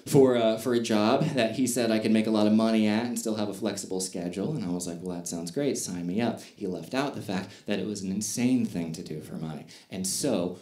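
A man's voice: fairly low pitch, a little fast, few pauses, darkish tone, reverberant. A man doing stand-up comedy on stage, telling stories in a loose, conversational way. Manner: conversational storytelling with fillers and asides.

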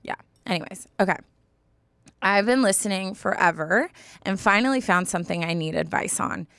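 Young woman, podcast co-host, casual rambling chat, smooth tone, dry close mic. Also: mid-range voice, moderate pace, a bit bright, no room sound. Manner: rambling, many restarts and likes.

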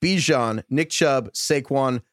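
A man's voice: medium pitch, no room sound, clean studio sound. A man with a New York accent, hosting a casual sports podcast and joking through running back rankings. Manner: fast, animated, joking. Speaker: podcast host.

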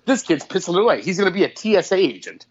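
A man in his thirties co-hosting a podcast, telling profane, animated stories in casual chat and mimicking people as he goes. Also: high voice, rapid-fire, muffled recording. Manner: profane, animated storytelling with mock voices. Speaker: podcast co-host.

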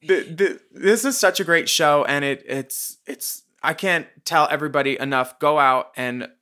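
A playful male host with a bright, crisp voice pitched a little high. He gushes warmly over his guest and keeps the chat loose and teasing. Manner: playful, effusive, quick to laugh. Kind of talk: casual interview chat.

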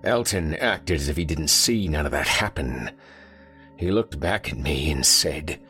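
A man's voice: a bass voice, lively intonation, a little slow, bright, forceful tone, soft background music, heavily acted. A man voicing a dying older man with folksy rural grammar, telling his haunted story in a pained, gasping way. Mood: bitter.

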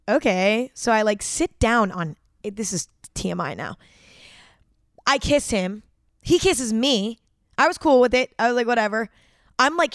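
A woman's voice: a little high, no room sound, clean studio sound. A young woman hosting a podcast and telling a personal story in a casual, chatty way, packed with fillers and frequent swearing. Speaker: podcast host.

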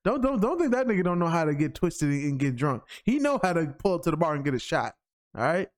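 A man with a fairly high voice co-hosts a podcast in casual chat. He rambles along with lots of slang and swearing, and gets animated as he talks. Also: fast. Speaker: podcast co-host.

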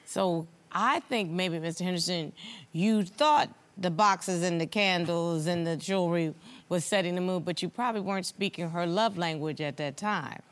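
A woman's voice: lowish voice, moderate pace. A woman presiding as a TV court judge, frank and teasing with the couple before her. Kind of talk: courtroom TV banter.

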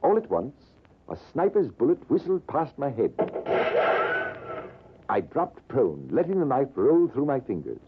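A man playing a British army major telling a tale in a dramatic, measured 1940s radio style, with a husky voice. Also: mid-range voice, huge pitch swings, background noise. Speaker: storyteller. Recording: narrow lo-fi old radio broadcast.

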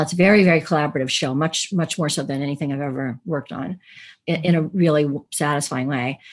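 A woman who is an actress and podcast guest, telling stories animatedly in a casual interview, laughing and acting out quotes. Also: fairly low pitch.

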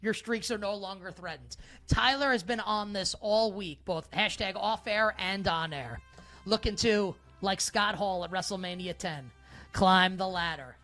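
Bright, playful male sports betting host. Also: sits high, measured pace, faint music behind. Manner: playful mock-regal self-reference, rambling with frequent "like". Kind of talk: casual sports betting talk show.

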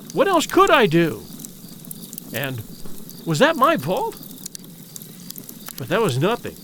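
A man reading a story aloud in a measured, vivid and dramatic way. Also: sits high, slight background noise. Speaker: audiobook narrator. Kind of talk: scripted storybook narration.

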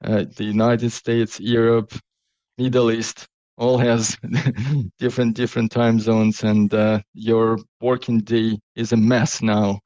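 A man's voice: lowish voice, level tone, slow pace, warm tone, no echo, highs cut off. A man as the interview guest, answering hesitantly with non-native phrasing. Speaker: guest, company founder.

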